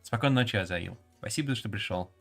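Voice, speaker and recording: A man's voice: on the low side, fast talker, vocal fry, fairly bright tone, soft background music. A male streamer reading game dialogue and narration aloud, musing and stumbling over hard words.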